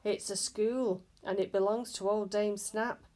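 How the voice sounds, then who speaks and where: A woman's voice: medium pitch, steady tone, unhurried, darkish tone, voice pushed up, close to an everyday voice. A woman reading a storybook aloud, voicing a worried magical male creature.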